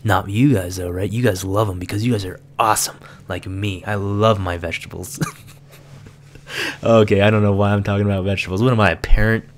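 A young man vlogging casually, telling an animated story with laughs and acted-out quotes. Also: on the low side, a little fast, slight background noise. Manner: animated, laughs often, acts out quoted lines. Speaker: gaming vlogger.

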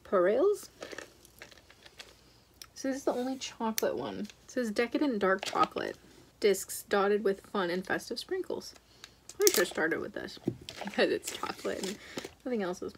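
A young woman talks through an unboxing in a chatty, gushing way, often breaking off and starting her sentences again. Her voice has a gravelly edge. Steady background noise runs under the home recording. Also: medium pitch, moderate pace. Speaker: book vlogger. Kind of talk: casual vlog chat.

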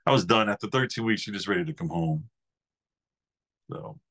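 A man in his fifties from New York talks in a fairly low voice as a podcast guest. He tells his stories in a loose, easygoing way and wanders from one memory to the next like a casual storyteller. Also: lively intonation, normal speed, a bit bright. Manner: rambling anecdotal storyteller, easygoing. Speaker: podcast guest, former Marine.

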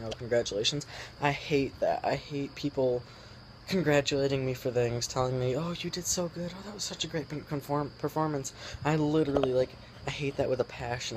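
A teenage boy vlogger rants casually to the camera, irritated, swearing and rambling with plenty of fillers. His voice sits in the mid-range, with slight background noise.

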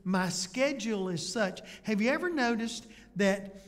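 High-voiced preacher in an echoing church. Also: male voice, lively intonation, unhurried. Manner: conversational preaching, rhetorical questions. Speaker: pastor. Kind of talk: sermon. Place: church sanctuary. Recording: church hall reverb.

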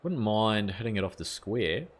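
Young New Zealand man, lowish voice, casual gaming streamer, reads chat aloud, light swearing. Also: animated, moderate pace. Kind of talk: live gameplay commentary, chatting with viewers.

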